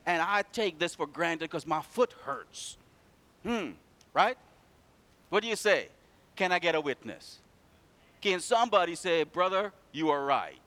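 A man preaching a sermon in church, telling stories and calling out to the congregation, swinging from loud to hushed. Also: sits high, lively intonation, measured pace, long pauses.

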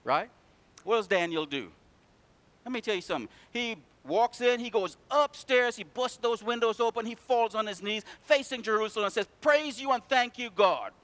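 A man preaching a sermon in church, telling stories and calling out to the congregation, swinging from loud to hushed. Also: high voice, moderate pace.

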